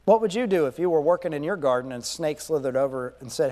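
High-voiced preacher in an echoing hall. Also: male voice, very animated, fast, hardly any pauses, warm tone. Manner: emphatic, repeats key phrases, asks rhetorical questions. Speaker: pastor. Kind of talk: sermon. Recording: long echoing reverb.

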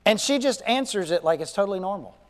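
A man's voice: sits high, animated, fast. A male pastor preaching a sermon, emphatic, repeating key phrases and asking rhetorical questions. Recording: long echoing reverb.

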